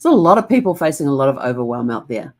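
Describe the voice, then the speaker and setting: A woman with a notably low voice hosts a reflective vlog. She talks gently and calmly, wandering through her thoughts with plenty of ums. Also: fast talker. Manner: gentle and calm, rambling with many fillers. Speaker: host.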